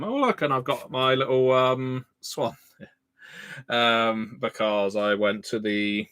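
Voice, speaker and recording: Man, casual livestream chat, anecdotal, filler-heavy, bright forceful tone, dry close mic. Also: fairly low pitch, dry recording. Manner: chatty, anecdotal, frequent filler "uh". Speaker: game designer hosting a livestream Q&A. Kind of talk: casual livestream chat reading viewer comments.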